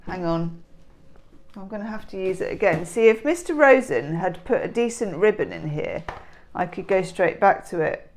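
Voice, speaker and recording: A woman's voice: mid-range voice, lively intonation, normal speed. A middle-aged woman, rambling and joking with herself through a daily tarot reading in her home kitchen. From England. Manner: rambling, self-mocking, giggly asides. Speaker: tarot reader.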